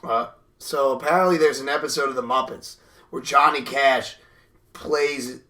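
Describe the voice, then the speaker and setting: A man's voice: medium pitch, steady tone, normal speed, bright, forceful tone. A man co-hosting a podcast in casual, profane, rambling chat, laughing often. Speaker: podcast co-host.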